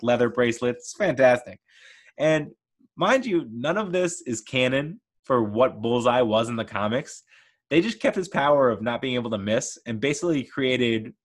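Casting: male podcast host, young adult, animated and giggly, mid-pitched everyday voice, casual review rant. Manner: animated, laughs often, playful mock voices. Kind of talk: casual enthusiastic film rant.

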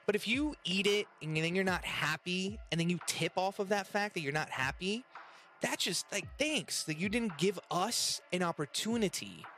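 A man's voice: sits high, lively intonation, normal speed, pushed and bright, a little hiss or hum. A man with an American accent, co-hosting a podcast, chatting casually about restaurant serving in a rambling way full of restarts. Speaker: podcast co-host and restaurant server. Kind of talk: casual chat.

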